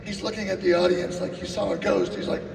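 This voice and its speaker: A man, a drummer at a live clinic, telling animated stories and acting out the people in them, recorded from a distance in an echoing hall. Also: high-pitched, fast, creaky, crowd noise. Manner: animated, acts out quotes and sings drum cues. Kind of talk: live anecdotal storytelling. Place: live event venue. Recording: roomy hall, distant mic, faint music.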